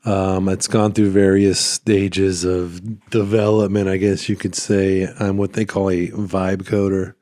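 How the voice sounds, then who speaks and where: A man vlogging about his small business in a rambling, relaxed way, his voice a little worn. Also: sits low, measured pace, hardly any pauses, no room sound, studio quality. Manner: rambling, relaxed, lots of fillers and restarts. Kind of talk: casual talking-head vlog. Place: at home by his computer. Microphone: phone.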